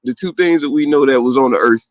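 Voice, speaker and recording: A man's voice: mid-range voice, fast, no echo. A man hosting a podcast, talking bluntly and profanely in a loose casual rant, mocking others in quoted voices. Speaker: podcast host.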